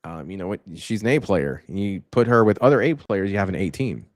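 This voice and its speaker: A man's voice: low voice, animated, fairly quick, no room sound, studio quality. A man hosting a casual podcast, talking in long rambling runs and restarting his sentences. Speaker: podcast host and event organizer.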